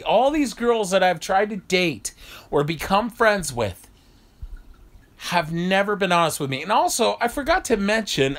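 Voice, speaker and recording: A man's voice: high voice, fairly bright tone. A man vlogging in a blunt, heated, profane rant. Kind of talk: ranting monologue.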